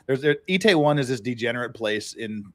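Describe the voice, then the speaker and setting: A man's voice: mid-range voice, animated, brisk, a bit bright, dry recording. A man hosting a podcast, telling rambling anecdotes in a casual, easy-laughing way. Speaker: podcast host.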